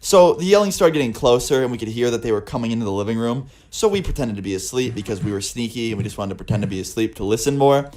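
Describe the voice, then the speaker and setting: A man's voice: medium pitch, animated, quick pace, hardly any pauses, a little mellow. Casual, profane young male storyteller. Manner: casual and profane, with a lot of filler words. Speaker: storytelling vlogger.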